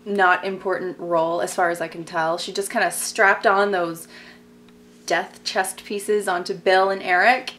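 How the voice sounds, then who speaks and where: A woman's voice: mid-range voice, fairly bright tone, a little hiss or hum. A young woman in a casual TV recap vlog, chatty and gossipy, filling her talk with "like" and sarcastic asides. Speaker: vlogger.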